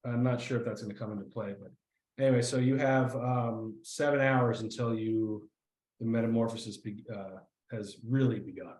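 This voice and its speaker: A man running a tabletop game as game master, halting and often breaking into laughter. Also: mid-range voice, steady tone, darkish tone, echoey room, poor audio.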